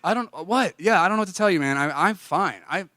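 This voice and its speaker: A man's voice: sits high, animated, quick pace, bright, forceful tone, dry recording, studio quality, voice pushed up. A man voicing a young male roommate who stammers defensively in a sermon story. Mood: flustered. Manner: stammering, exasperated.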